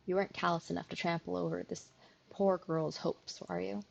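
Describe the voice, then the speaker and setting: A sleepy woman streamer reading a visual novel aloud, with a gravelly, husky voice. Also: fairly low pitch, level tone, brisk, highs cut off, soft background music. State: sleepy, yawning.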